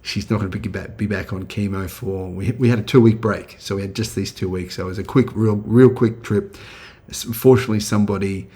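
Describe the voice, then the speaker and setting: A man's voice: fairly low pitch, fairly even intonation, a little fast, dark tone. A middle-aged Australian man hosting his channel, chatting casually with many fillers and restarts. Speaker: channel host. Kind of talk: casual video commentary.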